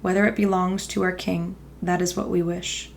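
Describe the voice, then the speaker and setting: A woman's voice: lowish voice, level tone, normal speed, vocal fry, slight background noise. A woman voicing two sexless dirt-made creatures. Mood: firm. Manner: firm, plain refusals.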